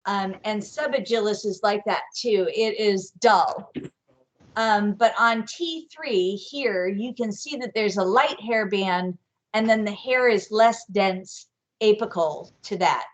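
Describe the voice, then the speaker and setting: Slow, careful woman explaining bees. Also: medium pitch. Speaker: guest bee expert. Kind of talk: live online workshop teaching. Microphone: video call.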